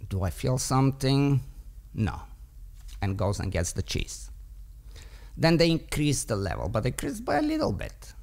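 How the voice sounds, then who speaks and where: A man who trains dogs, debating on a podcast and explaining a point by telling a story, voicing the thoughts of its characters along the way. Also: fairly low pitch. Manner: explanatory, tells stories with voiced inner thoughts.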